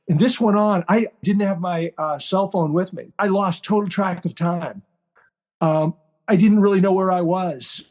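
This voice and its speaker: An older man in his sixties, a retired general, tells his story as a podcast guest. His voice sits a little high for a man, and he talks with animated drive, slipping into the voices of the people he quotes. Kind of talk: storytelling in interview.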